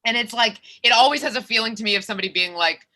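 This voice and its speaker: Young female comic, bright forceful tone, self-deprecating stand-up, video call from a bedroom. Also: on the high side. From Minnesota, USA. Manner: animated, self-mocking, with quick restarts. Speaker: comedian. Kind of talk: stand-up comedy set. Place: her bedroom.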